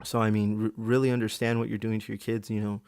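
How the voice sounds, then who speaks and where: A man's voice: on the low side, flat delivery, quick pace, darkish tone, clean tone, dry recording, clean studio sound. A man hosting a podcast in a casual monologue, rambling and profane, with many fillers. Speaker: podcast host.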